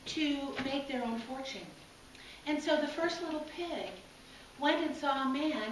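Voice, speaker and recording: A woman preacher with a high voice, relating a folk tale in an easy, folksy storyteller manner. She is picked up from a distance in a big, echoing church hall with a faint hum of room sound. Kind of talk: sermon storytelling. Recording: echoey hall, from far off.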